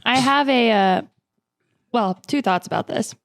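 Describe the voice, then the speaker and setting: A woman's voice: a little high, unhurried, no echo, studio quality. Chatty woman rambling at the table. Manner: chatty, rambling, many likes and uhs. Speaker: tabletop podcast player. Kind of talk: casual chat.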